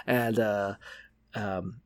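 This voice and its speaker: A man's voice: fairly low pitch, extremely slow. A man co-hosting a casual podcast about the Bible, swearing freely and acting out the people in his stories. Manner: animated storyteller, acts out quotes. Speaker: podcast co-host. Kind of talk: casual profane Bible-reading chat.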